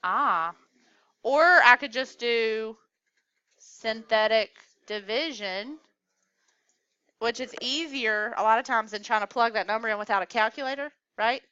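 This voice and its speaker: A woman's voice: fairly high pitch, unhurried, sharp tone, clean tone, no room sound, lo-fi sound. A woman teaching a math class, coaxing students along with questions in a classroom lecture.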